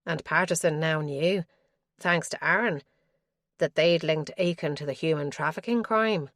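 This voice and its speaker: A woman reading an audiobook thriller in measured, suspenseful scripted narration. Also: deep voice, fairly bright tone, dry recording, clean studio sound.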